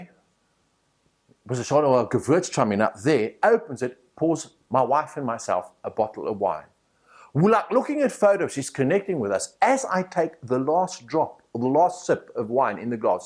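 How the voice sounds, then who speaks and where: A man with a South African accent and a mid-range, breathy-edged voice works as a motivational speaker teaching a speaking course. He tells personal stories in an animated way, direct and confiding.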